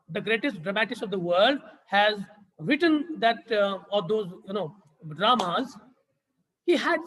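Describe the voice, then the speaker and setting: A man's voice: sits high, fairly bright tone. A man with a Maharashtrian Indian English accent lecturing on linguistics, asking rhetorical questions and repeating key phrases for emphasis. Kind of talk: classroom lecture. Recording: long reverb from a large room.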